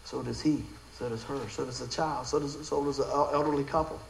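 A middle-aged man preaching a sermon, telling stories in an animated way with frequent laughter. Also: mid-range voice, brisk, vocal fry. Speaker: pastor. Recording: echoey room with faint background noise.

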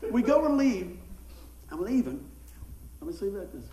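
High-voiced man preaching folksy stories. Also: moderate pace. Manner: folksy, animated storytelling with acted-out quotes and laughter. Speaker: pastor. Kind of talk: storytelling sermon. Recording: echoey room.

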